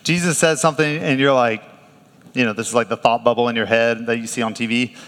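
A man's voice: mid-range voice, steady tone, fast talker, a bit bright, smooth. A male pastor preaches in an easy, conversational way, laughing now and then and restarting his sentences. His mid-range voice carries a long reverb, as in a large hall. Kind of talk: sermon.

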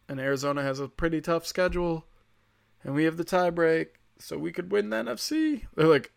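A man's voice: a little high, fairly quick, creaky, clean tone. A man hosting a casual comedic monologue, rambling, sarcastic and heavy on profanity.

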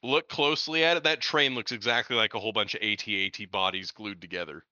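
Enthusiastic man, bright dry podcast voice. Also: fairly low pitch, steady tone, fast, dry recording. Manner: enthusiastic, laughs between points. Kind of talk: casual film discussion. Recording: dull lo-fi sound.

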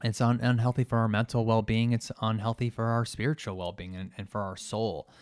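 A man's voice: fairly low pitch, little pitch movement, a little fast, a little mellow, smooth, dry recording, studio quality. A man hosting a solo podcast, talking in an earnest, thoughtful way as he searches for his words. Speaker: podcast host and coach. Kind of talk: solo reflective podcast talk.

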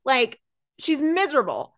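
A woman's voice: high voice, measured pace. A woman co-hosting a podcast in a loose, casual chat. She recaps a TV episode and keeps dropping into the characters' lines as she retells it. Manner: chatty, lively, retells scenes with quoted lines. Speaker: podcast co-host.

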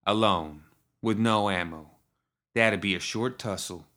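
A man voicing a huge horned monstrous woman with a very deep, smoky voice, ladylike and dry. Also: fairly bright tone. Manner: slow, dry and prim.

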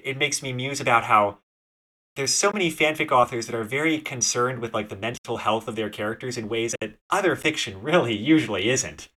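A man's voice: mid-range voice, sharp tone. A man co-hosting a podcast, musing in a thoughtful, hesitant way about a story. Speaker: podcast co-host. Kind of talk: casual book-club chat.

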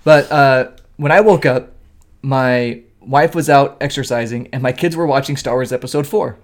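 A man in his thirties co-hosting a casual talk show, explaining things in an earnest, steady way. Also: medium pitch, moderate pace. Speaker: co-host. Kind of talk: casual podcast chat.

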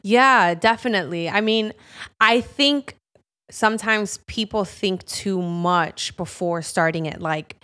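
An earnest woman worship leader chats casually as a guest, her pitch sitting in an ordinary middle range. She talks encouragingly and peppers her sentences with "like." Her delivery stays warm in intent and conversational throughout. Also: takes it slowly. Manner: earnest and encouraging, many "like" fillers. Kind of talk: casual interview chat.

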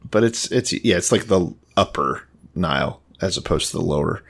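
A man co-hosting a casual podcast who walks through the story in a laid-back, profane way. His voice is low but swings widely in pitch. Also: animated, normal speed, vocal fry. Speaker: podcast co-host. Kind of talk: casual chat.

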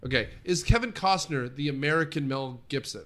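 A man co-hosting a casual movie-review chat, rambling with lots of fillers and quick laughs. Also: medium pitch, a bit bright. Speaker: podcast co-host.

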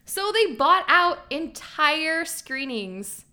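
A woman's voice: high voice, sing-song, slow pace, sharp tone. A woman with a Minnesotan accent co-hosting a podcast, chatting casually and gushing enthusiastically with frequent giggles. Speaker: podcast co-host. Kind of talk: casual chat.

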